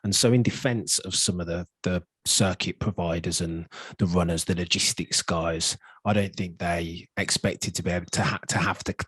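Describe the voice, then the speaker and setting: A man with a Birmingham accent and a deep, husky voice speaks as a podcast guest, recorded dry and close. He talks in a measured way and turns emphatic when he presses a point. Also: fairly even intonation, a bit bright, no echo. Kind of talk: casual podcast chat.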